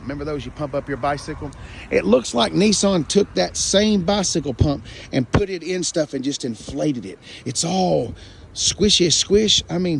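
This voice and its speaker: A man, talking through a car review outdoors in a folksy, joking, excitable way. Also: a little high, gravelly, slight background noise. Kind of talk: casual car review vlog.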